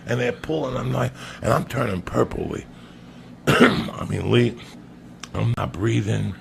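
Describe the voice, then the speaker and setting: A man's voice: mid-range voice, lively intonation, a little slow, gravelly, fairly bright tone, a little hiss or hum. A man telling a crude, comic story on a podcast, swearing often and calling his listener by name. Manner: profane, emphatic, keeps addressing the listener by name.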